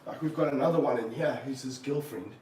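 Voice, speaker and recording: A man keeping snakes, talking through a live stream as he handles one, with excited bursts and low muttered asides. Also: fast. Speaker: snake keeper. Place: room of snake enclosures, indoors. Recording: roomy, from a distance, faint background hum.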